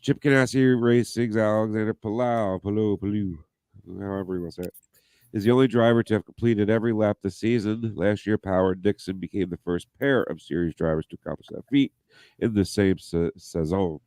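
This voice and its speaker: A man's voice: on the low side, fast talker, a little mellow, clear, resonant tone, no room sound. A man co-hosting a casual podcast, reading news items aloud and joking with profanity. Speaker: podcast co-host.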